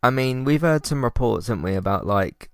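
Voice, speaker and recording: A man's voice: medium pitch, animated, brisk, gravelly, dry recording, clean studio sound. A man hosting a casual solo podcast, rambling and exasperated, sighing and restarting his sentences. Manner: frustrated, rambling, many restarts and sighs. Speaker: podcast host.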